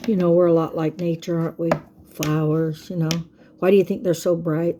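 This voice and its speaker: A woman's voice: fairly low pitch, level tone, brisk, warm tone, slight background noise. An older woman giving a folksy, preachy faith talk to camera, often checking in with "okay?". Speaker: vlogger.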